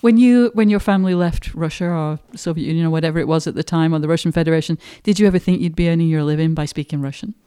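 A woman host with a fairly low, mellow voice, leading a casual podcast conversation. Her questions come out loose and curious, rephrased as she goes. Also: very fast, few pauses, clean tone. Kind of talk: casual interview chat.

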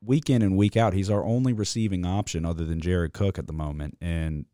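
A man's voice: low voice, a little fast, dark tone, no room sound, clean studio sound. A young man hosting a casual sports podcast, telling stories bluntly and cursing freely. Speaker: podcast host.

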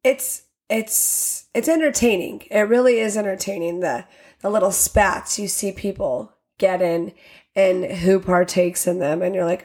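A woman's voice: mid-range voice, unhurried, darkish tone. A woman host talking loosely and bluntly on her podcast, swearing freely as she vents. Her voice sits in a middle register. She tells stories by acting out the people in them. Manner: blunt, profane and candid; storytelling with acted quotes. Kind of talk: casual podcast rant.

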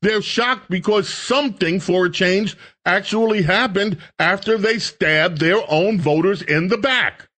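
A man's voice: high voice, unhurried, hardly any pauses, pushed and bright. A middle-aged man hosting a political talk radio show, delivering a heated, sarcastic monologue. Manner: heated, sarcastic, mocks others in put-on voices.

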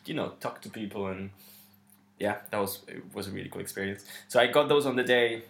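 A man's voice: lowish voice, a little fast, vocal fry, a bit bright. A man co-hosting a podcast, chatting casually with frequent ums and restarts. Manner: chatty, organized, hesitant with many ums. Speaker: podcast co-host. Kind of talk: casual chat. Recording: roomy echo.

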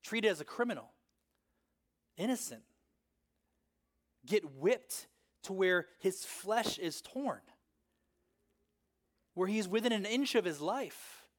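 A man preaching a sermon in a conversational way, peppering his points with "right?" and swinging between loud emphasis and hushed intensity. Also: high voice, animated, takes it slowly, pauses often. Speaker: pastor.

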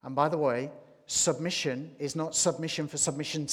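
A man preaching a sermon, slow and deliberate, rising to emphatic points. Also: fairly high pitch, fairly even intonation. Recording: long hall reverb.

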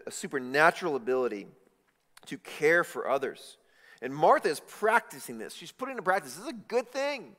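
A male pastor preaching a sermon, swinging between hushed lines and loud emphatic bursts, often stumbling and restarting words. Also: mid-range voice. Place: church hall. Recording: long hall reverb.

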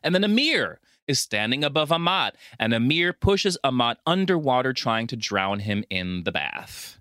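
A man co-hosting a podcast, retelling a film with lively profanity, frequent laughter and acted-out quotes. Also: mid-range voice, normal speed, no echo, studio quality. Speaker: podcast co-host. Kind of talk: casual movie recap chat.

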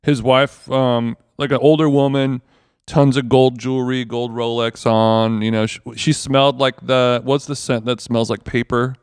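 A man's voice: medium pitch, little pitch movement, moderate pace, clear, resonant tone, no room sound, studio quality. A man co-hosting a podcast, telling a rambling, profane anecdote in casual chat. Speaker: podcast co-host. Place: basement of a villa.

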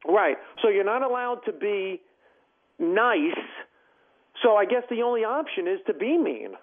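An emphatic, animated man speaks as a guest on a talk show, telling stories with punch. His voice sits high. He comes through a thin, tinny phone line. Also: a little slow. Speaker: comedian and former judge, guest. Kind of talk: casual interview chat.

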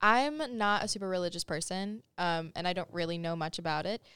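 Fast-talking young woman, dry close sound. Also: on the low side, fairly bright tone, clean tone, no echo. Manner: breezy, offhand. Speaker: podcast co-host. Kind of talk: casual chat.

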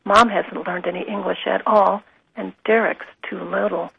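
A woman voicing a shy young schoolgirl in a soft storybook reading. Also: medium pitch, fairly even intonation, normal speed, gravelly, slightly rough, dry recording, dull audio, heavily acted.

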